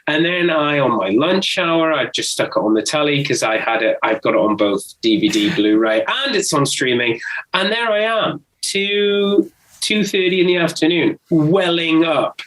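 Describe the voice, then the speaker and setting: A man co-hosting a casual film podcast, animated and jokey, swearing freely. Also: fairly high pitch, moderate pace, poor audio. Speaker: podcast co-host.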